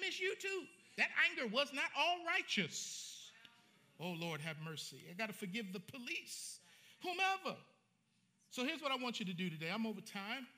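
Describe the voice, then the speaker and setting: A man preaching a sermon as pastor, animated and colloquial, joking with his congregation. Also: very high-pitched.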